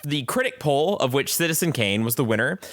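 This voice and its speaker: A man's voice: medium pitch, expressive, fairly quick, a bit bright, no echo, clean studio sound. A man co-hosting a podcast, rambling in a casual, self-deprecating way. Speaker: podcast co-host. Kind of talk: casual chat.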